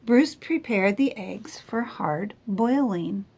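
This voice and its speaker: A woman reading a picture book aloud to children, gently asking them questions. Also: mid-range voice, animated, slow, husky.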